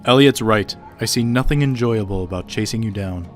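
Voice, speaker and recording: A man's voice: on the low side, fairly quick, faint music behind, close to an everyday voice. A man voicing a cool, smug mafia boss. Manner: calm, even, smug. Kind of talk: audiobook character voicing.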